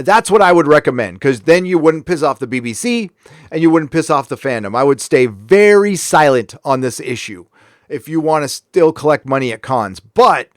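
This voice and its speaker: A man's voice: fairly high pitch, no room sound, clean studio sound. A man hosting a live stream, giving blunt, profane, angry commentary with lots of restarts. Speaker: livestream host.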